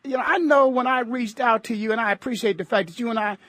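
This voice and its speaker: A middle-aged American man hosts a talk radio show, driving his points home with emphatic, preachy repetition. His voice sits very high for a man, and the sound is dry and close. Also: quick pace, sharp tone, no room sound. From United States.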